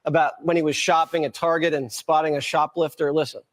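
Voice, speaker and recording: A male news anchor reads a TV segment in a fairly high voice. He adds sarcastic asides to the report. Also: flat delivery, a little fast.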